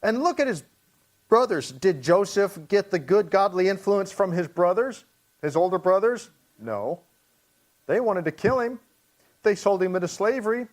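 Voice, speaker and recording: High-voiced pastor teaching Bible study. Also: male voice, animated. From Hawaii. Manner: reads scripture slowly then explains in plain talk.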